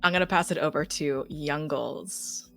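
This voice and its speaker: A young woman acting as game master, reading a campaign recap in a brisk, matter-of-fact way. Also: low-pitched, soft background music.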